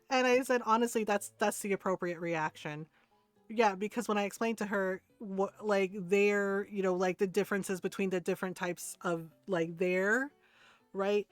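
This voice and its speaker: A woman's voice: on the high side, no room sound. Rambling woman streamer over faint music. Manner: rambling, full of filler words, laughs often. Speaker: game streamer. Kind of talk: casual stream chat, storytelling.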